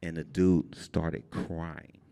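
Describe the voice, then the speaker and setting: A man telling a comic story live on stage, animated and jumping high when he quotes people. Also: slow pace, creaky, clear, resonant tone. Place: brewery event space with an audience. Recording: long reverb in a live venue.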